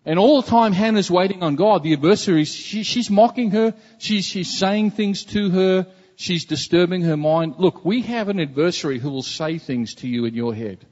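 Male pastor, slightly high husky voice, earnest conversational sermon, dull echoing hall recording. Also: normal speed, few pauses, a little mellow. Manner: earnest, conversational preaching with repetitions.

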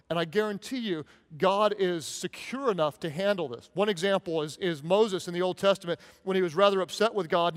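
A man preaching a sermon as pastor, conversational and animated, acting out quoted prayers and chatter. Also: high voice, long reverb tail.

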